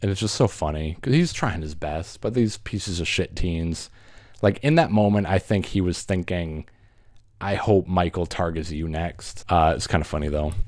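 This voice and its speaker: A man hosting a casual movie recap who laughs, swears, and acts out the characters in quick voices. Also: low voice, a little mellow. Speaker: movie reviewer host.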